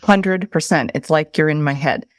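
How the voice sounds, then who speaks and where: A woman's voice: low voice, moderate pace, no echo, clean studio sound. A woman hosting a podcast, talking in an emphatic, impassioned way and swearing freely. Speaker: podcast host. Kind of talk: casual podcast conversation.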